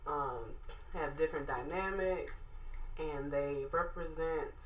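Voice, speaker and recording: A woman from Alabama with a Southern accent, co-hosting a casual podcast chat, sassy and animated, laughing often. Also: deep voice, slow. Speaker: podcast co-host. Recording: echoey room.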